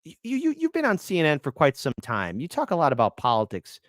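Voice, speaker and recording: A man's voice: on the high side, fast talker, dry recording. A man hosting a live political stream, his voice swinging widely up and down as he reacts. He reads out donations and jeers at clips in a dry, close-miked sound with no room around it. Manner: animated, mocking, reads donations aloud. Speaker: livestream host.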